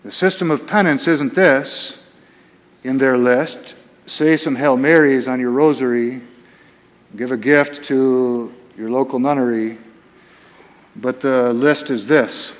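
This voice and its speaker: A man preaching a sermon as pastor, emphatic, swinging between quiet and raised passages. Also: mid-range voice, fairly even intonation, slow pace, big-room sound.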